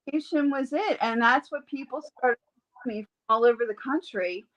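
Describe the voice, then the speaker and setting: An animated woman, a guest who works as an animal communicator and Reiki healer, tells stories in a casual interview, acting out quoted voices. She speaks fast in a fairly high voice, and the recording is low quality.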